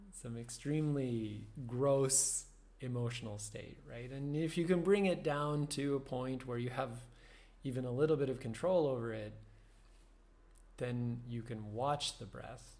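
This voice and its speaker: A man giving a reflective meditation talk, thoughtful and unhurried, with soft laughs and fillers. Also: mid-range voice. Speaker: meditation teacher.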